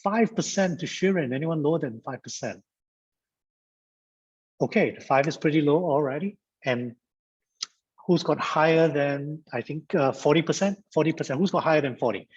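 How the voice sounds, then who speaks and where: Husky man running an online workshop. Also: on the high side, moderate pace, pauses often, highs cut off. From Singapore. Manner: lively, repeats phrases, auctioneer-style banter. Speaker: guest speaker at a mediation training. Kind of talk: interactive online lecture. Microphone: video call.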